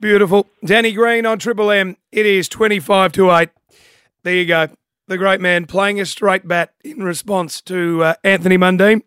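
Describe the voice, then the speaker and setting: A man with an Australian accent hosting a breakfast sports radio show, brisk and matey. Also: high-pitched, fairly even intonation, fairly bright tone, smooth, no echo, clean studio sound. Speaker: radio host.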